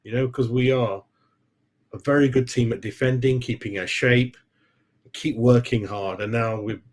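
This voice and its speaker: A man's voice: medium pitch, fairly even intonation, normal speed. A man hosting a football fan channel, chatting casually with live-stream viewers, laughing often and calling everyone mate.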